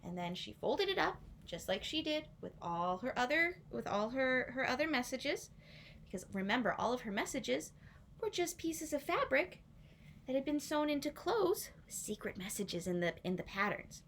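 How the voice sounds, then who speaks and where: A woman telling a story to young children, playful and animated, inviting listeners to join in. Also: sits high, normal speed, a little hiss or hum.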